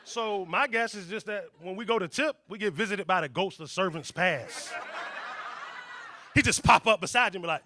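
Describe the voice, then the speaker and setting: A man works the room in a stand-up set, his voice high and bright. He talks loud and animated, jumping into characters. Laughter rolls behind him from a club audience. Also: moderate pace, slight background noise. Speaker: student stand-up comic. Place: comedy club stage.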